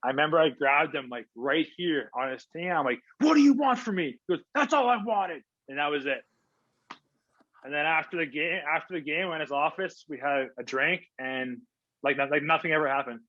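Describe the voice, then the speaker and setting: A man's voice: fairly high pitch, fairly even intonation, a little fast, bright, forceful tone, no room sound. A man, a former hockey player, telling stories in a casual interview, laid-back and rambling with lots of fillers. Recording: dull lo-fi remote audio.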